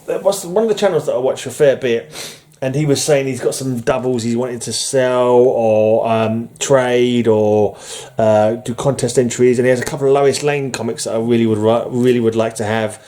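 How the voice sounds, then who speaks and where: A man's voice: mid-range voice, steady tone, moderate pace, warm tone. A man chatting casually at home while showing his comic books, rambling with fillers and chuckles. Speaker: comic collector vlogger. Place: room at home under fluorescent light.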